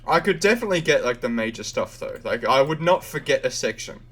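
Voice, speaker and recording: Young aussie guy rambling on stream, lots of um and like, swears a bit, mid-pitched voice. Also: expressive, fast talker, fairly bright tone. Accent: Australian. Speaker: game streamer. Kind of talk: casual live-stream chat.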